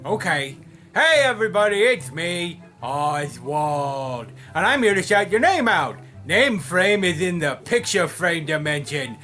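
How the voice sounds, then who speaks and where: A man's voice: sits high, sing-song, a little slow, sharp tone, faint music behind, exaggerated voice. A man playing Oswald, a silly childlike man who rambles cheerfully and obliviously.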